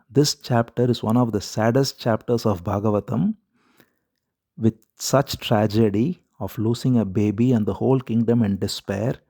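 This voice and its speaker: A man teaching a devotional scripture, retelling the story at a measured pace and repeating words as he searches for them. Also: on the low side, gravelly, warm tone.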